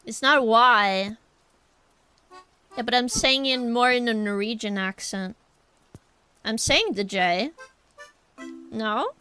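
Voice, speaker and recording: Young woman art streamer, unhurried and a little high, chatty and apologetic with chat, soft music underneath. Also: animated, smooth. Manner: chatty, apologetic, talks to chat while sketching. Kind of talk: casual live-stream chat while drawing.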